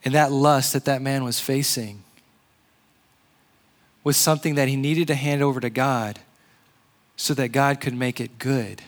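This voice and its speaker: A man's voice: medium pitch, unhurried, long pauses. Casual, conversational male preacher. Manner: conversational, animated, uses "like" a lot. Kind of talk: casual sermon.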